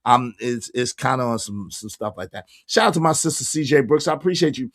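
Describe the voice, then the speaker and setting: Hoarse man hosting a livestream chat. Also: mid-range voice, fairly quick. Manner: animated, shouting out viewers by name. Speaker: livestream host reading chat.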